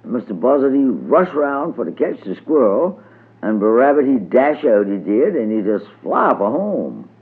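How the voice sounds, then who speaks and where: A man reading a storybook tale aloud in a lilting, measured way, on a tinny old radio recording. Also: medium pitch, very animated, husky. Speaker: narrator.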